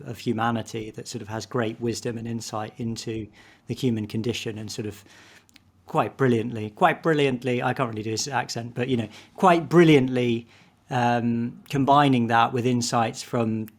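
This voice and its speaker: A man who is a vicar, speaking as a podcast guest in a casual, hesitant way, with repeated words as he finds his thoughts. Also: mid-range voice.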